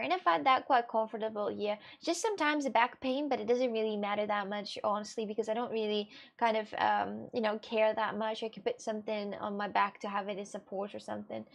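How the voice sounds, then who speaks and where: A woman's voice: a little high, gravelly. A young woman streamer chatting casually with her viewers, rambling along and swearing now and then.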